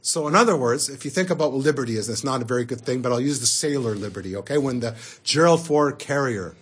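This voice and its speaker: A man giving an animated Torah lecture as a rabbi, talking conversationally and asking the audience rhetorical questions. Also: fairly high pitch, husky.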